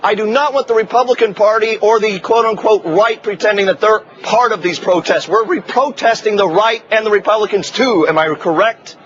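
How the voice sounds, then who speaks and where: A man's voice: high voice, moderate pace, few pauses, fairly bright tone, dull audio. A man hosting a cable news chat, brash, jokey and opinionated. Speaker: TV show host.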